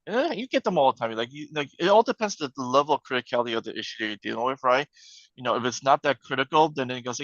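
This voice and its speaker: Fast-talking guy on a webinar panel, dead dry muffled call audio. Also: medium pitch, lively intonation, fairly bright tone, dry recording. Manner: brisk, emphatic, frequent "right?" tags. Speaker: panel guest. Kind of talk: conversational panel discussion.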